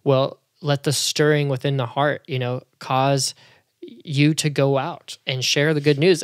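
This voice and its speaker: A man's voice: on the high side, no room sound, clean studio sound. A man talking casually and at length about his faith, with many fillers and restarts. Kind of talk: casual conversational testimony.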